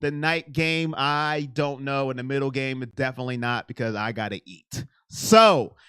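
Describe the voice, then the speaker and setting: A man hosting a sports livestream, chatting excitedly and directly with his viewers. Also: mid-range voice, moderate pace, smooth, no room sound, studio quality. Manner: excitable, talks straight to chat. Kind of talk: casual live-stream chat with viewers.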